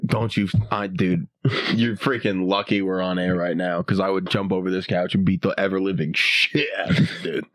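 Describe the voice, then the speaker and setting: A man's voice: deep voice, flat delivery, moderate pace, a bit bright, no echo. A young man from the United States, a stand-up comic who riffs with mock aggression and slips into silly voices in casual podcast banter. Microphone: studio mic.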